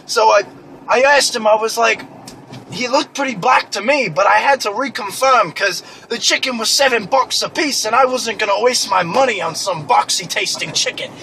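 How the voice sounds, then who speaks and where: Casting: man with a put-on British accent, improvising in character, very high and bright, stammering, deadpan. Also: moderate pace, vocal fry, a little hiss or hum, rough recording. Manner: rambling storyteller, stammers, deadpan. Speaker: improv comedian. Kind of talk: improvised comedy bit in character. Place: inside a car.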